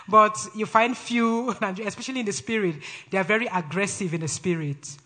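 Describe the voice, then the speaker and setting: Brash high-voiced Nigerian preacher. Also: male voice, moderate pace. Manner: brash, forceful, laughs often between phrases. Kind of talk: sermon.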